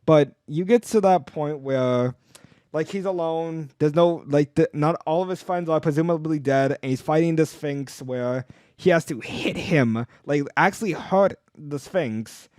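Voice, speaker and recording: A young man with a slightly raised pitch chats eagerly on a podcast, piling up restarts and fillers as he rambles. His voice sits close and dry, with no room sound around it. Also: unhurried, a little mellow, clean tone, no room sound. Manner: rambling, enthusiastic, many restarts and "like". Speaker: podcast co-host. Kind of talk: casual podcast chat.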